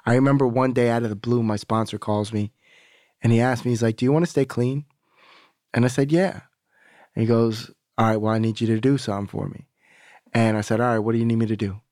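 A male podcast guest, a fast talker with a medium pitch, flat delivery and a slightly mellow quality, rambles through a candid, foul-mouthed story. He performs other people's quoted lines during this casual storytelling, recorded cleanly in a studio without room sound.

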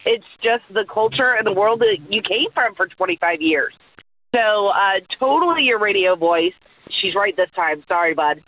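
A woman's voice: medium pitch, animated, moderate pace. A woman leaving a teasing, affectionate voicemail message. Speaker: caller. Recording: tinny phone line.

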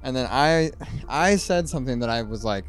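A man's voice: mid-range voice, expressive, moderate pace, clean tone, faint music behind. A man in his twenties, a podcast guest, telling a story in a rambling, laid-back way full of "like". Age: 20s. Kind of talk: casual storytelling.

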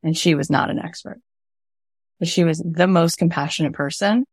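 On a coaching call for her podcast, a woman gives two people an animated motivational talk, leaning heavily on "like" and "right?". She speaks at normal speed in a lowish, slightly rough voice, and the recording is dry.

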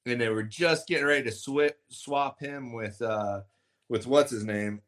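A man hosting a casual podcast chat, easygoing and quick to laugh. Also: mid-range voice. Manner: easygoing, laughs often, relaxed backchannel. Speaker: podcast host.

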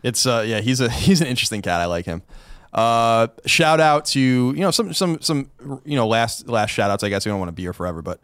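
A man co-hosting a podcast, adding dry, matter-of-fact asides and shout-outs in casual chat. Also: mid-range voice, sing-song, fairly quick, smooth, no echo. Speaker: podcast co-host.

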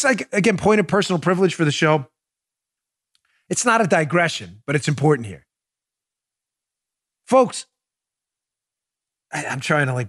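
A man's voice: high voice, fairly bright tone. A man hosting a political talk show, delivering emphatic opinionated commentary full of rhetorical questions and direct appeals to his audience. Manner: emphatic, addresses audience as folks; rhetorical questions, restarts sentences.

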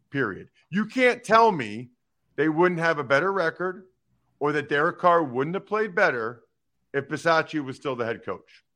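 A man with a voice on the high side hosts a sports talk show. He gives emphatic, animated opinions on football news and teases his co-host.

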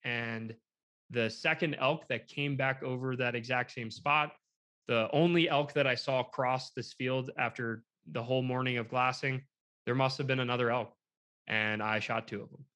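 A man casually telling a long hunting story, rambling and animated, acting out what others said, still shaken by what happened. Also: mid-range voice, normal speed. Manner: rambling, animated retelling with quoted dialogue. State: shaken, emotional.

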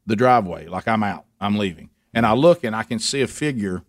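A man hosting a radio show, telling a rambling story with many restarts and animated impressions. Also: lowish voice, fairly quick, no echo, clean studio sound. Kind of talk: casual storytelling chat.

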